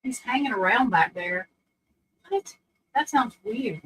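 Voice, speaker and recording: A woman's voice: fairly high pitch, expressive, measured pace, fairly bright tone, breathy edge, rough recording. A woman casually chatting on a live stream, rambling, laughing often and scolding her dog.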